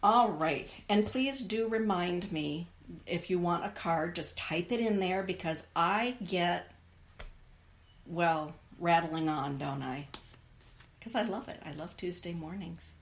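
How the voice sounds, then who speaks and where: A woman's voice: on the low side, slow pace. A woman hosting a live spiritual show, greeting viewers by name and giving affirming card readings.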